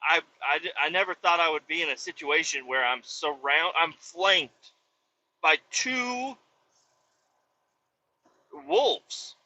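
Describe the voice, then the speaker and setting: A man's voice: fairly high pitch, slow, long pauses, low-quality recording. A man from Kansas, a truck driver, telling profane, rambling stories from his cab while driving and acting out the voices of people he quotes. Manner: profane, animated, acts out quotes. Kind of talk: casual rambling storytelling.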